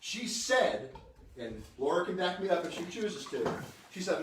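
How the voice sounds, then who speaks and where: A high-voiced man gives a fired-up, joking political speech and keeps throwing questions at the crowd. He stands well back from the mic in a very echoey room. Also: very animated, a little slow, far from the mic, a little hiss or hum. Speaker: state senator. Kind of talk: informal political speech to a live audience.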